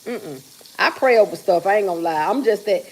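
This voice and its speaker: A woman's voice: mid-range voice, expressive, brisk, a little mellow. Chatty woman host reading viewer comments. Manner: chatty, teasing, reads viewer comments aloud. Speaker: livestream host. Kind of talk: casual chat with live viewers. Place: home kitchen while cooking.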